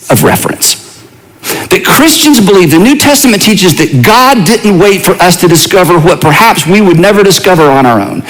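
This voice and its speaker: Male pastor from the US, middle-aged, high-pitched, chatty sermon style that keeps asking the congregation questions. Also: poor audio. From United States. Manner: conversational, asks the audience questions.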